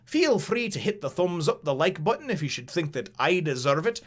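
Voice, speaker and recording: A man's voice: fairly high pitch, sing-song, fairly quick, slightly rough. A man casually reviewing a manga chapter in a vlog, rambling and chatty, with plenty of swearing.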